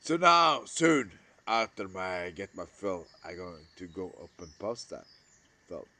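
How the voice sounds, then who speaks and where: A man vlogging an emotional, rambling monologue about missing his brother, swearing and swinging between loud outbursts and hushed murmurs. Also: deep voice, sing-song, measured pace, a little hiss or hum.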